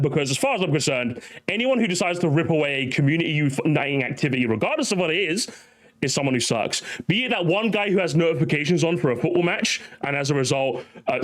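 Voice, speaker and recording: A man streaming live, ranting animatedly and talking straight to his chat. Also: fairly high pitch.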